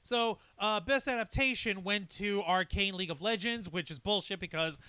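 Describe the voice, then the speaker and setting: A man co-hosting a casual live show, reading out award winners with excitable trash talk and frequent stumbles. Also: sits high, moderate pace, clean tone, no room sound. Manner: excitable, trash-talking, stumbles over words. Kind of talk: casual podcast banter.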